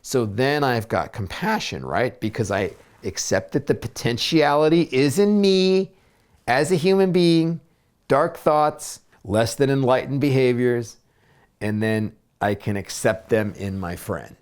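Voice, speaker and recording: A man talking as a therapist and spiritual coach in a reflective video blog, gentle and searching, with many fillers and restarts. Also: mid-range voice, animated, measured pace.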